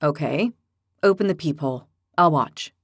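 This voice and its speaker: A woman voicing a calm, philosophical young man with an ox's head, who speaks patiently and reasons things out. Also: low voice, normal speed, breathy edge, dry recording, clean studio sound, voice pushed down, exaggerated voice. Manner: patient, reasoning, gently teasing.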